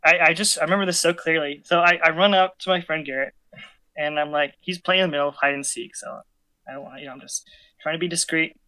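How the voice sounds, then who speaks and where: Guy with a bright, slightly high voice rambling through a funny story, laughs a lot. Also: quick pace. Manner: animated, laughing often, many fillers and restarts. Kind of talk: casual chat, telling a childhood story.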